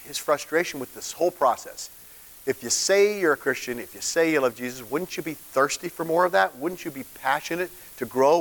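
A man, a pastor, giving an informal, conversational sermon and asking the congregation questions. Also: mid-range voice. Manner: informal, animated, asks the room questions. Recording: long hall reverb.

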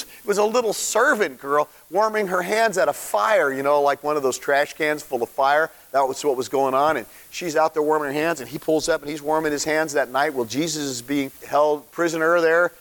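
A man preaching a sermon in a casual, animated storytelling way, using slang and acting out the characters. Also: on the high side, big-room sound. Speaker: pastor.

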